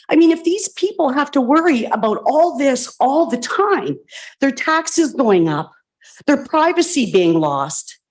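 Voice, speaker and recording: A woman's voice: fairly high pitch, darkish tone. A woman resident giving an emotional, passionate comment at a public planning meeting, repeating pointed questions into a standing microphone.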